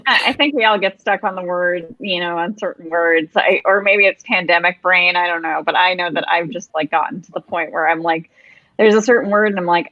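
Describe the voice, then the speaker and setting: A woman's voice: lowish voice, fairly quick, a bit bright, no echo. Woman host, self-deprecating banter, muffled dry video-call sound. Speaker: host and organizer of a story reading series. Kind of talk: casual chat on a video call.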